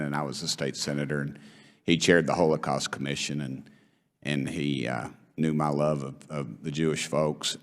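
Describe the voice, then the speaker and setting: A middle-aged man with an East Tennessee Southern accent, speaking as a congressman at a hearing in a folksy, rambling, heartfelt way. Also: a bass voice. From Knoxville, Tennessee. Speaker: congressman questioning witnesses. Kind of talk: hearing testimony, folksy storytelling. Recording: long reverb of a hearing room.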